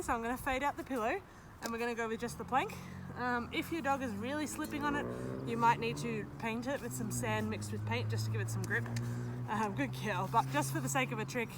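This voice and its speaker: A woman's voice: on the high side, fast talker. A woman teaching a dog trick in casual chat, breaking off to praise and cue her dogs. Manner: chatty, breaks off to praise dogs, beeping cues. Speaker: dog trainer. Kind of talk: casual instruction while training dogs. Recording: noisy outdoor recording.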